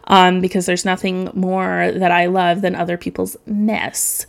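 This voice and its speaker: A woman's voice: on the low side, little pitch movement, a little slow, gravelly. A young woman hosting a solo podcast, rambling and emotional, tearful at times, swearing casually and filling gaps with ums. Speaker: podcast host.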